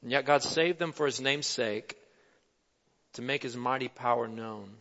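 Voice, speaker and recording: A man's voice: mid-range voice, moderate pace, a bit bright. A man preaching a sermon, building dramatic emphasis as he acts out the quoted lines. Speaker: pastor. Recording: dull sound with long hall reverb.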